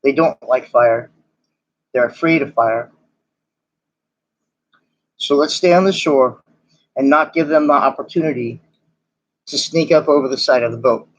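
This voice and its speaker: A man's voice: mid-range voice, a little slow, long pauses, close to an everyday voice. A man voicing a talkative stranger who warns castaways at a campfire and rambles through his explanations. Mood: cautious. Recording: dull lo-fi recording.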